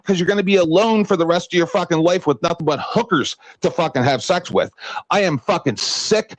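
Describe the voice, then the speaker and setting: A man's voice: high-pitched, a little fast, no room sound, low-quality recording. An older retired man ranting angrily at a stream panel, swearing and hurling insults. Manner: shouting insults, swearing constantly. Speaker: debate panelist. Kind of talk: angry profane rant.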